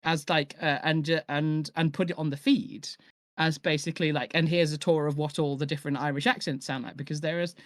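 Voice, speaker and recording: Higher-voiced man, rambling and enthusiastic. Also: steady tone, brisk, dry recording, studio quality. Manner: rambling, many fillers and restarts, enthusiastic. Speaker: host and audio drama maker. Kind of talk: casual chat on a live stream.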